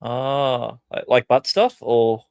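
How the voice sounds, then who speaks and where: A man chatting casually on a call with a streamer friend and making dry, deadpan jokes. His voice sits at a middle pitch and sounds dry and close. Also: slow pace, vocal fry, clean tone, dry recording, muffled recording. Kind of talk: casual chat.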